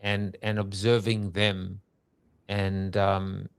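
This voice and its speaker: A man's voice: low voice, monotone, takes it slowly, clean tone, no echo. A man hosting a podcast interview, asking questions in a hesitant way, thinking aloud with many restarts. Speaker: podcast host. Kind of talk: conversational interview.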